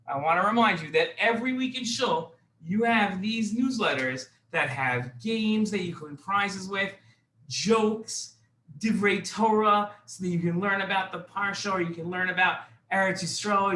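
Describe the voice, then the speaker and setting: A man hosting a children's show, talking slowly and repeating himself as he addresses the kids directly. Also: sits high, a bit bright, roomy sound, slight background noise.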